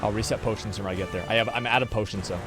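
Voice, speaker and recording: A man streaming a video game, commenting live as he fights a boss, cursing and yelling at it, then muttering quietly to himself. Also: on the low side, steady tone, very fast. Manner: swears and yells at the game boss. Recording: game music behind the voice.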